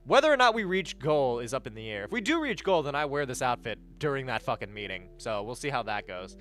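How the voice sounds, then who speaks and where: A young man chats on a live stream and reads out viewer messages, swearing freely and wandering from topic to topic. His voice is bright and a little sharp, and his pitch swings up and down a lot. Faint music plays underneath. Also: quick pace. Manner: animated, profane, rambling. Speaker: livestreamer.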